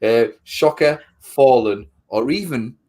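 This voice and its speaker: A man's voice: medium pitch, slow pace, warm tone. A man co-hosting a casual film review chat. He swears often, acts out quotes, and repeats words while he thinks. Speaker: podcast co-host.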